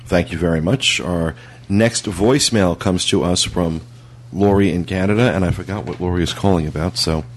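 A man with a low voice hosting a podcast, introducing voicemails and thanking callers. He talks in a relaxed, easygoing way. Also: normal speed, a little hiss or hum. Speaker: podcast host reading voicemails.

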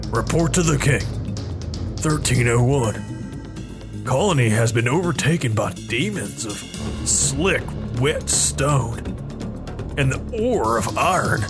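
A man talks through a game in character, deadpan and absurd, at a middle pitch. Music plays clearly behind his voice throughout. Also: takes it slowly, long pauses. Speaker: game video creator. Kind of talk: comedic role-play game commentary.

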